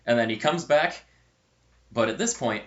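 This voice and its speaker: A young man hosting his own channel recounts a funny college story, chatty and rambling, correcting himself along the way. His mid-range voice is animated and fairly bright at a moderate pace, with lo-fi sound.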